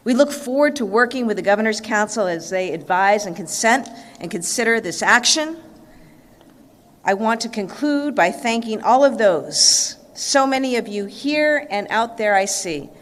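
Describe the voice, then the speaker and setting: Woman governor reading a steady speech, echo from a big hall. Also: mid-range voice. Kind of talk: formal press conference speech. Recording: long echo in a large hall.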